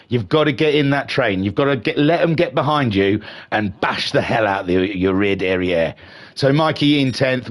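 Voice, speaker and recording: A man giving live sim racing commentary as the channel's host, rambling and joking as he reads out viewer chat between races. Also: medium pitch. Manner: excitable, rambling, jokey. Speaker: race commentator and streamer.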